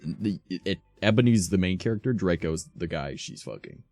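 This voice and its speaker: A man streaming while reading fan fiction aloud, adding profane, deadpan asides in a slightly sore voice. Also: deep voice, normal speed, no room sound, soft background music.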